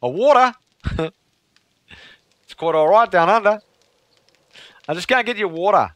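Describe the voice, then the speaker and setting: Picture a cheerful young waitress, eager to please and sorry for the mix-up, put on by a man. The voice is pushed up high and sings up and down. It sits close to the mic with no room sound. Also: lively intonation, extremely slow, fairly bright tone, dry recording, exaggerated voice. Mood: cheery. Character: friendly young Australian waitress woman, apologetic.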